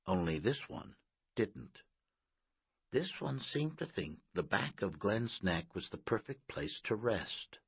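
A man narrating an audiobook in a measured, expressive way, in a slightly muffled recording. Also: deep voice, breathy edge, dry recording.

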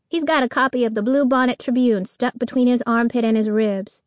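A woman narrating a children's audiobook in the first person, telling the story with lively energy. Her voice sits high and the recording is dry and close. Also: brisk, few pauses, no room sound.

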